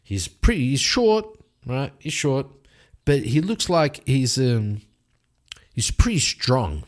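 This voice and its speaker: A man's voice: medium pitch, sing-song, slow. A man narrating a solo tabletop game in a casual, rambling way, often correcting himself.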